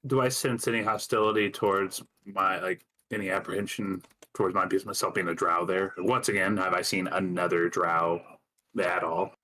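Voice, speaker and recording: A man's voice: low-pitched, level tone, normal speed, sharp tone. A man playing a tabletop game, asking lots of curious questions with many "like"s. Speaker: player. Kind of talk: casual tabletop game chat.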